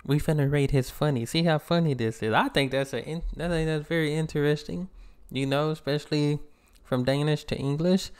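An American man hosting a reaction video, chatting in a relaxed, slangy way. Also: a little high, a little fast, hardly any pauses, clear, resonant tone. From United States. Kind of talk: casual reaction commentary.

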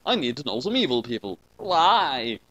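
A man's voice: medium pitch, sing-song, moderate pace, a bit bright, no room sound. A man voicing an awkward young man who tries not to seem creepy.

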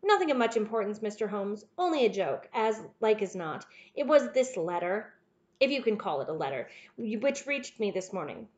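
A woman voicing a young, sturdy gentleman baronet who speaks bluntly and impatiently. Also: medium pitch, sing-song, moderate pace, dull audio, natural voice.

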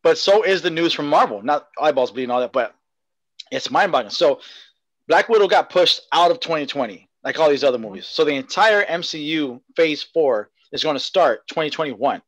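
A man co-hosting a podcast in casual chat, rambling and excitable, laughing often. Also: fairly high pitch, a little fast, no echo, poor audio. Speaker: podcast co-host.

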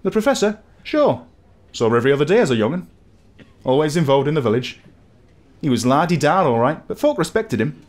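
A man voicing a chatty village barkeep in a game, with a brisk, folksy way of talking. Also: medium pitch, sing-song, close to an everyday voice.

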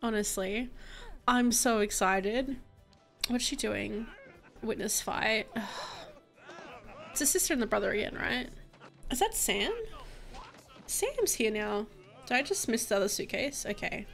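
A young woman, chatting over a life-sim game in a bubbly, gushing way, dropping to soft murmurs and rising to excited squeals. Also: a little high, measured pace, gravelly, pauses often. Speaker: gaming YouTuber. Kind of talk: casual gameplay commentary. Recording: faint music bed.

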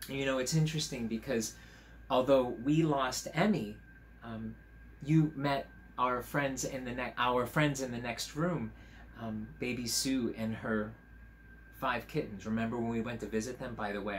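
A man, a teacher, reading a picture book aloud to children at home on camera, in a gentle, chatty way, stopping to point out the pictures. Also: mid-range voice, fairly even intonation, normal speed, a little hiss or hum.

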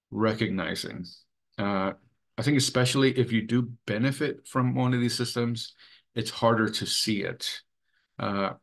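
A man presenting a training webinar in an earnest, measured way, with many fillers. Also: fairly low pitch. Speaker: webinar presenter for a sexual assault coalition.

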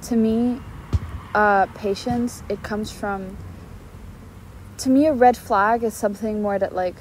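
A woman's voice: medium pitch, fairly even intonation, a little slow, low-quality recording. A young woman talks casually as a podcast co-host. She is reflective and works her thoughts out aloud with fillers. Faint noise sits in the background. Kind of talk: casual chat.

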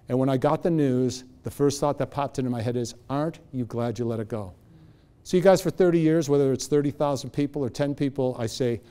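A man's voice: medium pitch, clear, resonant tone. A man in his fifties giving a live motivational talk, telling stories with energy and quizzing the audience. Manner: animated storytelling, quizzing the audience. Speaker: motivational speaker.

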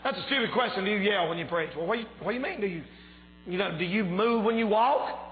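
A man preaches a fervent revival sermon, shouting out his points with a slightly strained voice. His voice sits high for a man. The recording is tinny and phone-like, with a long church-hall echo. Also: lively intonation, fast, faint music behind. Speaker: pastor.

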